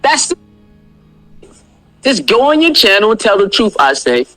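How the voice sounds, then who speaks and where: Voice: medium pitch, big pitch swings, unhurried, fairly bright tone, faint music behind. A speaker in a played video clip, ranting in a confrontational, repetitive, scolding way.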